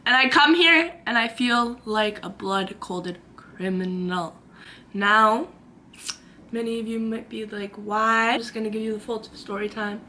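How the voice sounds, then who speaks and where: Young woman, bright and high, dramatic storytime delivery into a camera mic, faint hiss behind. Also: fairly even intonation, measured pace. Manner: chatty and dramatic, acts out quotes. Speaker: vlogger. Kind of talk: storytime vlog. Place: her own room.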